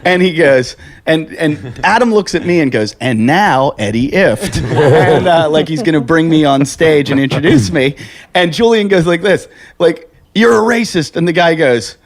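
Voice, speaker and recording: A man's voice: a little high, moderate pace. A man, a podcast host, telling a rowdy comedy-club story in casual chat and acting out the people in it. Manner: animated, acts out quoted voices.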